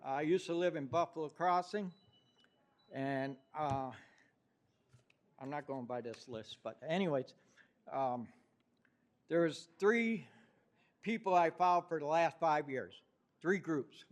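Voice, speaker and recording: A man's voice: fairly high pitch, slow pace, long pauses. An older man with a New York accent giving a rambling, heartfelt public comment at a city council meeting. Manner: rambling, heartfelt, with many fillers.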